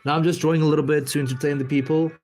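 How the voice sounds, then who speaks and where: A man's voice: on the high side, little pitch movement, very fast, darkish tone. Easygoing man chatting while drawing. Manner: rambling, easygoing, talks while working. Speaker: artist streaming while drawing. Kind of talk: casual livestream chat.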